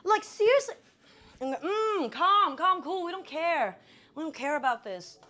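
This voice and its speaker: High-voiced flustered woman streaming. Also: measured pace. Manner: flustered, swears, talks herself into calm. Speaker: live streamer. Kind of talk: casual live-stream chat while cooking.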